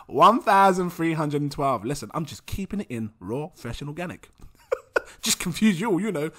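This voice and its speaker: A man's voice: on the high side, big pitch swings, normal speed, bright, forceful tone. A young British man hosting a casual crypto vlog, giggly and scattered and mocking himself. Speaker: crypto vlogger.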